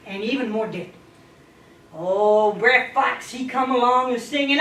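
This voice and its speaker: A woman at a speaking club telling a folk tale in a dramatic, playful way, swooping in pitch and volume. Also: a little slow, fairly bright tone. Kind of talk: animated folk-tale storytelling. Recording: echoey room, distant mic, faint hiss.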